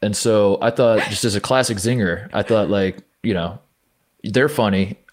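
A man's voice: lowish voice, normal speed. A young man co-hosting a podcast, telling stories in a rambling way full of restarts and stammers. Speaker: podcast co-host. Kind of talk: casual chat.

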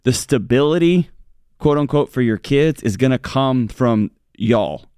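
A man's voice: medium pitch, animated, a little slow, mellow, clean tone, dry recording, studio quality. A man, co-hosting a call-in advice show and pleading earnestly with listeners. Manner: earnest, pleading, joking asides. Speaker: co-host giving advice. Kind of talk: radio call-in advice talk.

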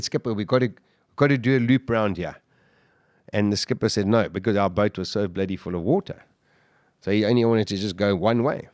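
A man telling his survival story as a podcast guest, intense and halting, with many restarts. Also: mid-range voice, darkish tone, dry recording, clean studio sound. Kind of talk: emotional storytelling interview.

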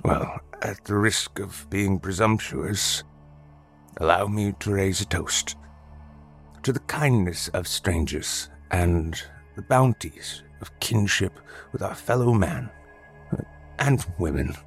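A man voicing a frail old homeless man in a read-aloud story, with a hoarse, scratchy, courteous and formal way of speaking. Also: sits low, expressive, a little slow, faint music behind, full character voice. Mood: grateful, courteous. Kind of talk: storybook narration.

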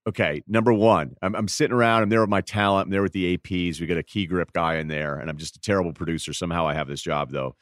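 A man's voice: sits low, fast talker, few pauses, no echo. A man as a podcast guest in casual sports chat, playful and riffing through mock bits in a studio. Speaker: podcast guest, basketball analyst.

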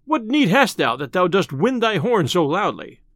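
A man's voice: high-pitched, very animated, moderate pace, fairly bright tone, exaggerated voice. A man doing a bold, loyal outlaw lieutenant. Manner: bold and eager.

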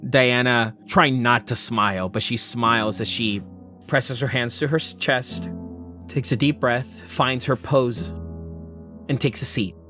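A man's voice: mid-range voice, steady tone, a little slow, music in the background. A man narrating a tabletop game as game master, descriptive and loose with casual fillers.

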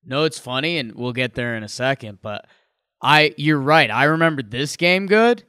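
A young man co-hosting a sports podcast in easygoing banter, his voice smooth and resonant. He talks in quick asides and leans into names for fun. The sound is close and dry, with no room around it. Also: medium pitch, lively intonation, sharp tone, no echo. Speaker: podcast co-host. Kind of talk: casual sports chat.

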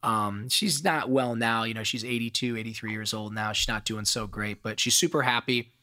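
A middle-aged man from Ohio, a podcast guest telling stories in an emphatic, profane, animated way. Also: medium pitch, normal speed. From Ohio, USA. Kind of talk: casual storytelling interview.

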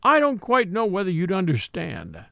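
A man voicing a gentle, thoughtful old elephant. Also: high-pitched, huge pitch swings, moderate pace, vocal fry, no echo, clean studio sound, exaggerated voice. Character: old gurgly elephant, gun-team beast, timid and thoughtful.

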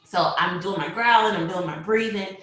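A young woman telling a personal story, animated, acting out what people said and laughing often. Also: on the low side, moderate pace. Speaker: mother telling her birth story. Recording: very echoey room.

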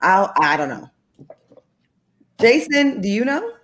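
A woman's voice: mid-range voice, sing-song, slow pace. A woman guest on a call-in show, telling stories candidly and laughing often. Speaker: guest, former reality TV cast member. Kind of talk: casual interview chat.

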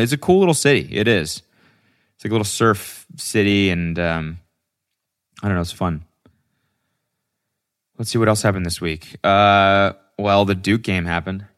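A man's voice: low voice, normal speed, pauses often, fairly bright tone. A man, hosting a solo podcast and telling a story in a rambling, profane way with lots of fillers. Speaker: podcast host.

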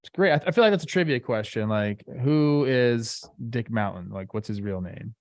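Male co-host, middle pitch, relaxed and eager, chatty with fillers, dry close mic. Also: normal speed, no room sound. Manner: relaxed, enthusiastic, many fillers like "like". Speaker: podcast co-host, former player. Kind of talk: casual sports talk.

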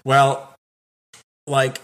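A man's voice: medium pitch, completely flat delivery, extremely slow, a bit bright. Man hosting a teasing podcast chat. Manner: teasing, quizzing questions. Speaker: podcast host. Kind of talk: casual chat.

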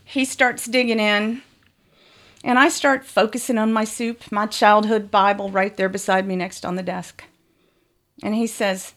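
A woman's voice: mid-range voice, steady tone, a little slow, a bit bright. A woman frankly telling a bawdy, comic first-person story.

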